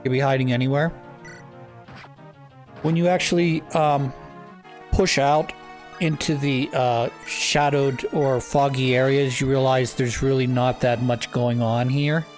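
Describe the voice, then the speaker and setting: A man giving casual, unhurried gameplay commentary, filling pauses with "um" and "uh". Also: medium pitch, faint music behind. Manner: relaxed, with many fillers.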